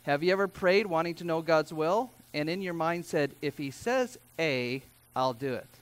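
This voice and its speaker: A man preaching a sermon as pastor, speaking in a conversational way with asides and quick self-corrections. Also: on the high side, lively intonation, clean tone.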